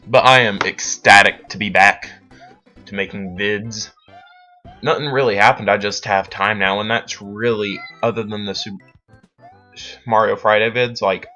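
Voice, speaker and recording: A man's voice: lowish voice, pushed and bright. A teenage boy in his late teens giving rambling, self-deprecating commentary while he plays a game. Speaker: let's play host. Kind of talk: gameplay commentary. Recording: dull lo-fi sound. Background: faint game music.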